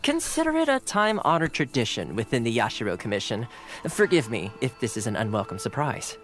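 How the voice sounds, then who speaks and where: A teasing young retainer from a video game, his voice lively and swooping in pitch. He sounds wry, with soft music under him. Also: a little fast. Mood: courteous. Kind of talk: game voice acting.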